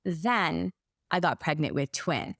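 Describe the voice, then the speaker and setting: A woman in her forties speaks as a guest in a podcast conversation, telling her story with lively energy. She often acts out what she said and thought back then. The sound is dry and close. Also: deep voice, slow, vocal fry, no room sound. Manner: animated storyteller who acts out her own past words. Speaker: guest, business coach for therapists. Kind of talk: casual podcast interview.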